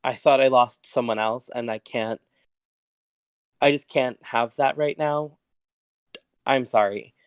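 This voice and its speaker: A man's voice: medium pitch, normal speed, clean tone, no room sound, lightly acted. A man voicing a tearful young superheroine. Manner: choked-up, apologetic.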